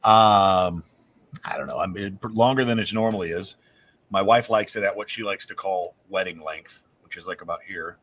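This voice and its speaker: A married man co-hosting a casual chat, telling stories with animated, opinionated swings and some swearing. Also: sits low, moderate pace. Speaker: podcast co-host.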